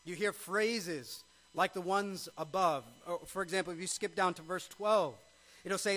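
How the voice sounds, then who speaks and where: High-voiced man preaching a sermon. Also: unhurried, fairly bright tone, low-quality recording. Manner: emphatic, with frequent rhetorical questions. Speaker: pastor.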